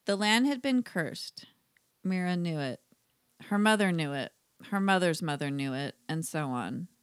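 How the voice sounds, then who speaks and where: A woman with a lowish voice reads a listener's story in a steady, even narrating tone. The recording is dry and close, with no room sound. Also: dry recording. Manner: laughs often, reads narration evenly. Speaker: podcast co-host reading listener stories. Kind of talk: casual chat and story reading.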